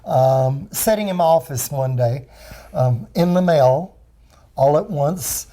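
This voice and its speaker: A man in an interview telling a story in a lively way, laughing now and then as he recalls it. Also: a little high, takes it slowly. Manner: animated, laughs while telling. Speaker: guest. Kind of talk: conversational storytelling.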